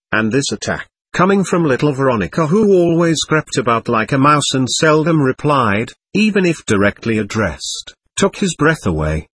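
Husky-voiced male narrator. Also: mid-range voice, a bit bright, dry recording. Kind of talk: audiobook narration.

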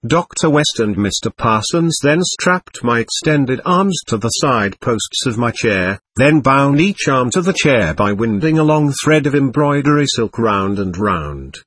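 Husky guy narrating his own account, lively pitch, dry close sound. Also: measured pace, hardly any pauses, no echo. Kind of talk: reading a first-person account aloud.

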